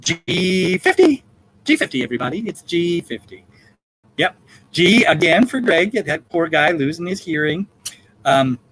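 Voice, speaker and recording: High, lively, campy male bingo host. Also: poor audio. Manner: campy, jokey, drawn-out number calls. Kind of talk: live charity bingo hosting.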